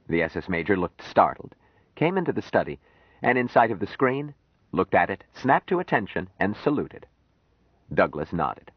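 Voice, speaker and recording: A man reading a novel aloud as an audiobook narrator, steady and measured. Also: low-pitched, slightly rough, no room sound, dull audio.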